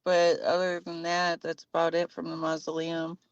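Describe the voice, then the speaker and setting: A woman's voice: on the low side, completely flat delivery, normal speed, no echo. Woman telling her own stories, chatty, little laughs, dry muffled sound. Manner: chatty, laughs between sentences. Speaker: medium and paranormal investigator guest. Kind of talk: casual storytelling. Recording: dull lo-fi sound.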